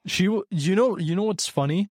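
A man's voice: sits high, moderate pace, a little mellow, husky, no room sound, clean studio sound. A young man in his twenties chatting casually, rambling with lots of ums and restarts. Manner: rambling, heavy with fillers. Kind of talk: casual chat.

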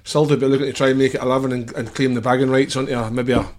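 A man's voice: medium pitch, level tone, racing, darkish tone. A Scottish man co-hosting a casual football chat, easygoing and pundit-like, with some hesitations. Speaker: podcast co-host.

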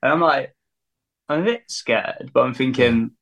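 Male musician, animated storyteller, mid-range voice. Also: medium pitch, normal speed, gravelly. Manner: animated, laughing storyteller who acts out quotes. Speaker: musician guest. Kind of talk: casual anecdote telling.

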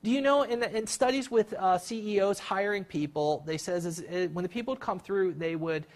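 A workshop leader talking a live group through a guided exercise, acting out scenes with sudden jumps in pitch and often repeating words and restarting. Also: moderate pace. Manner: animated, acts out scenes with big jumps in pitch.

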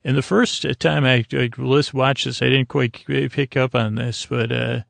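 A man's voice: medium pitch, fairly even intonation, moderate pace, creaky, fairly bright tone, no echo. A man hosting a podcast, casually recapping an episode, rambling with fillers and quoting characters. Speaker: podcast host.

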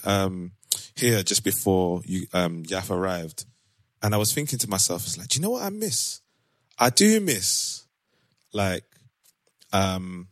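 Low-voiced man hosting a podcast chat. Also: dry recording, studio quality. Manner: relaxed, laughs often, uses slang. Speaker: podcast host. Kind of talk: casual chat.

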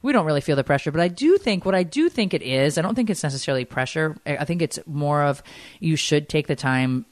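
A woman's voice: deep voice, animated, quick pace, dry recording. A woman co-hosting a podcast in casual chat, candid and chatty, swearing freely and filling her talk with "like.". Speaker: podcast co-host.

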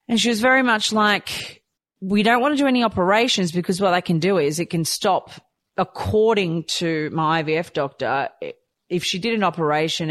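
A woman's voice: mid-range voice, no echo. Woman, 30s, candid personal storyteller, emotional swings, dry close sound. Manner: emotional, candid, swears, swings between quiet and excited. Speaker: vlogger sharing her own story.

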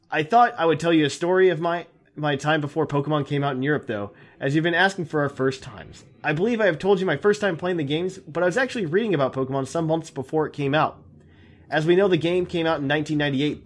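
A man co-hosting a casual podcast, laughing often and reading listener emails aloud with halting fillers. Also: on the high side. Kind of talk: casual chat.

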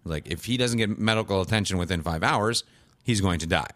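Low-voiced man rambling through a recap. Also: a bit bright, no room sound. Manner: rambling storyteller, acts out characters in quick asides. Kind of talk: casual chat recapping a TV show.

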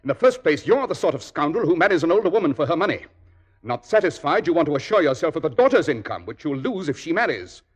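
A man's voice: fairly high pitch, sing-song, quick pace, slightly rough. An actor playing a brilliant, self-assured male detective in a 1940s radio drama, ironic and commanding. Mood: accusing.

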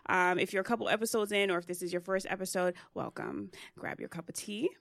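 A woman's voice: on the low side, creaky, no room sound, studio quality. Bubbly woman podcast host. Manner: bubbly, animated, quick asides. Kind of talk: casual podcast chat.

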